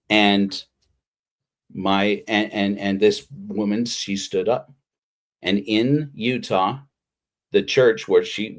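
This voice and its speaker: Male pastor, lower voice, informal livestreamed sermon, meandering and sincere. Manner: rambling, heartfelt, with frequent restarts. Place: Utah.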